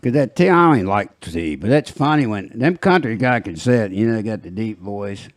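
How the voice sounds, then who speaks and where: A man's voice: on the low side, animated, brisk, no echo, studio quality. An older man hosting a casual group chat, joking and laughing often. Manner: jokey, laughs often, slips into put-on voices. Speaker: podcast host.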